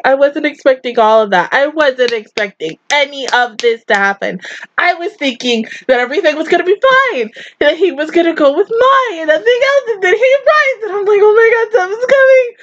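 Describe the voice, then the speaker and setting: A high-pitched young woman gushing through an emotional reaction, her voice teary and strained from crying as she laughs and exclaims. The sound is dull and lo-fi, like a simple home setup. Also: lively intonation, normal speed, slight background noise. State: teary, sore throat from crying. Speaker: anime reaction vlogger.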